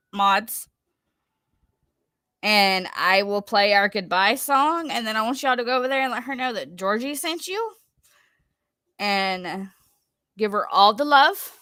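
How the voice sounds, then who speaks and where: Slow-talking woman streamer. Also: a little high, sharp tone, dry recording. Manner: rambling, chatty, laughs easily. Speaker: live stream host. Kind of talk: casual live stream chat reading viewer comments.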